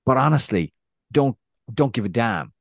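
An Irish man in his thirties, co-hosting a casual podcast chat, animated and rambling with restarts and acted-out anecdotes. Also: mid-range voice, moderate pace, no room sound. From Ireland. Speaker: podcast co-host.

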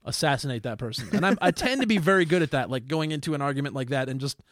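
Blunt, opinionated young man, slightly high voice. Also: lively intonation, very fast, a bit bright, no echo, studio quality. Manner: blunt, opinionated, self-mocking. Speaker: band member and podcast co-host. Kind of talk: casual podcast chat. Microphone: studio microphone.

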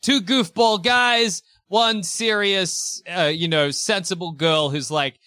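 A man with a bright, forceful, slightly raised voice, chatting on a podcast with lots of eager agreement and casual swearing. The sound is close and dry, with no room around it. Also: high voice, no echo. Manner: enthusiastic, swearing, quick to agree. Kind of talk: casual comedic chat.

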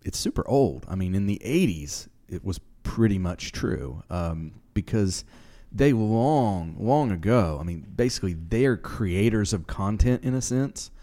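A male podcast co-host with a very deep, mellow voice. He talks in relaxed, casual chat and drops dry, self-deprecating comments. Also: unhurried, hardly any pauses.

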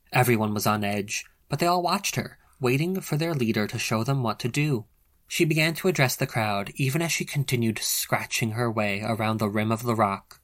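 A man's voice: mid-range voice, a bit bright. A man narrating an audiobook in a playful, theatrical storytelling manner. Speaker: audiobook reader.

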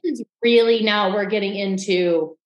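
A woman co-hosting a casual recap podcast, telling stories in a lively way and acting out what others said. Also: mid-range voice, normal speed, echoey room, rough recording. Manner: animated storytelling, acting out quotes. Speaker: podcast co-host.

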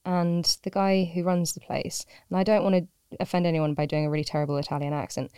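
A woman's voice: lowish voice, little pitch movement, fast, dark tone, clear, resonant tone, no echo, studio quality. A woman who teaches pottery, chatting casually as a podcast guest in a rambling, self-deprecating way with frequent laughs.

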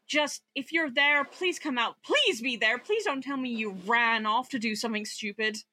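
A woman voicing a worried, exasperated male adventurer who shouts pleadingly for a missing friend in a tabletop game. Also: a little high, normal speed.

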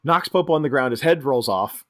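A man co-hosting a casual movie chat, retelling scenes and jumping into squeaky impressions of the characters, often laughing. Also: lively intonation, a little fast, fairly bright tone. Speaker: podcast co-host.

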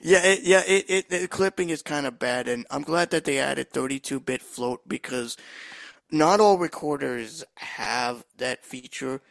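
A man's voice: medium pitch, measured pace, gravelly, fairly bright tone, dry recording, poor audio. A man hosting a podcast, chatting casually and enthusiastically, in a loose, rambling way. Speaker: podcast host. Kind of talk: casual chat.

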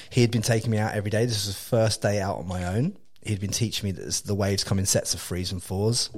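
Animated, laughing English man telling a story. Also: lowish voice, slightly rough. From England. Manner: animated, laughing, swears freely, calls listener mate. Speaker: podcast host. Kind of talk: casual storytelling chat.

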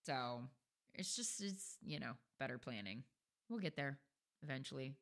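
A woman's voice: a bass voice, expressive, normal speed, a bit bright. A woman co-hosting a podcast in casual chat, blunt and chatty, swearing casually. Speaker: podcast co-host.

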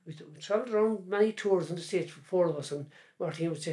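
An older man from Cork, Ireland, with a Cork accent, a folk singer and columnist, chats in a casual interview. He talks fast in a high voice with a dark tone, rambling and often restarting his words.

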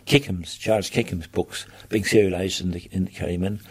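An older man reminiscing in an interview about his newspaper years, halting and restarting his phrases. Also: sits low, steady tone, gravelly, slightly rough.

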